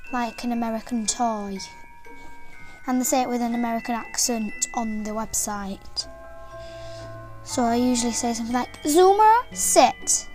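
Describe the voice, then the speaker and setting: Slow, eager British girl-voiced reviewer. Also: high-pitched, a little mellow, rough recording. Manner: rambling, eager, often correcting herself. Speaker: toy reviewer. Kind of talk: casual toy demonstration.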